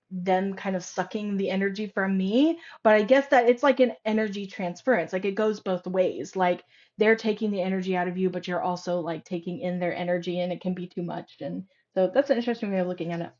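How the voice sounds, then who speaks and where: A woman speaking as a podcast guest, telling stories in an animated way with frequent fillers. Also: mid-range voice, a little fast, lo-fi sound. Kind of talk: casual conversational interview.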